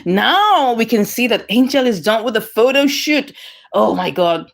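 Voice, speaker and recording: A woman, recapping a drama episode in an excitable way, often laughing and exclaiming. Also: a little high, measured pace, gravelly. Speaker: movie recap commentator.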